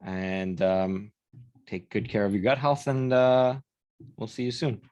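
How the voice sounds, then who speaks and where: A man hosting an online library workshop, relaxed as he thanks the presenters and wraps up. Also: on the low side, unhurried, no room sound, lo-fi sound. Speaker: library program host. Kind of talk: closing a live online workshop.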